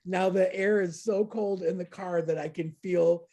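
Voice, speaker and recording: Woman, 30s, husky, breathy, animated storyteller, casual chat. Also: unhurried. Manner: animated, laughing, acts out quotes in a high voice.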